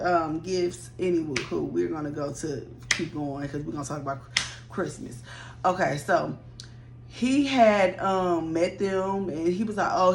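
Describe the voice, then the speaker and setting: A woman's voice: fairly low pitch, slight background noise. Chatty woman in her thirties telling a story. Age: 30s. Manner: chatty, rambling, animated when upset. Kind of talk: casual storytime to viewers.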